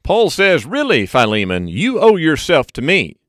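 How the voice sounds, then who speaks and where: Lively, expressive male preacher. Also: no echo, studio quality. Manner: expository preaching with lively swings in pitch and slowed emphasis on key phrases. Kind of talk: sermon.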